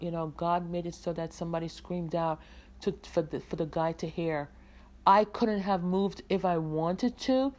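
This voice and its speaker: A woman's voice: lowish voice, darkish tone. A woman hosting a podcast, telling a story in an emotional way, repeating words for emphasis and calling her listeners "guys.". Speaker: podcast host.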